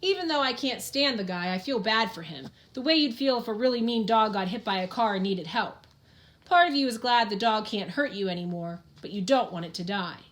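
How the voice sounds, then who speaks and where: A woman's voice: medium pitch, lively intonation, fairly quick. Woman narrating a first-person audiobook.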